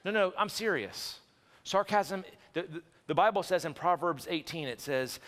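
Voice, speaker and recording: A male pastor preaching a sermon in a church sanctuary, animated and conversational with quick restarts and jokes. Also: fairly high pitch. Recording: long church hall reverb.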